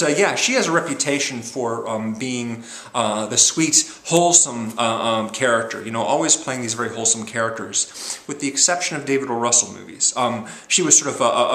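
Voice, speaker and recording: A man's voice: medium pitch, sharp tone, roomy sound. A man casually reviewing films in a rambling way, with many ums and uhs. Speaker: movie reviewer.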